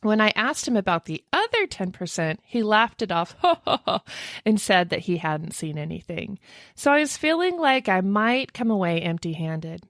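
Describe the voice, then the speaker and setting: A woman's voice: medium pitch, normal speed, dry recording, clean studio sound. A woman co-hosting a podcast, reading a listener's email aloud in casual chat and gasping and laughing as she tells it. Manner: animated storyteller, gasps and laughs often. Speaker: podcast co-host.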